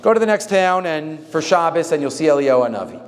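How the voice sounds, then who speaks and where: A man voicing a calm, assured old Hasidic master who gives brief, reassuring instructions. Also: fairly high pitch, fast talker, lightly acted. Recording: echoey hall, faint noise.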